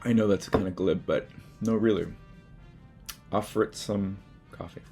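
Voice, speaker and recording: A man's voice: on the low side, fairly even intonation, moderate pace, darkish tone, soft background music. A man hosting his own art video, talking frankly and casually about habits to drop, with swearing and self-mocking asides, from his studio. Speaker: artist and video host. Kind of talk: casual motivational talk to camera.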